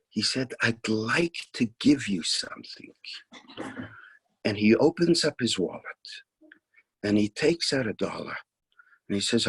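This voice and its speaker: Male storyteller, slow and husky, lowish voice, reenacts dialogue, dry close sound. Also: no echo. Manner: unhurried, reenacts dialogue, drops to near whisper at tender moments. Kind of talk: spoken storytelling.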